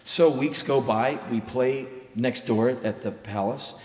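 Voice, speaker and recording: A middle-aged man tells a true story on a live stage in a large hall, speaking slowly at medium pitch. His spoken word performance is intense, blunt and profane, breaking into loud shouts, with roomy hall reverb around him.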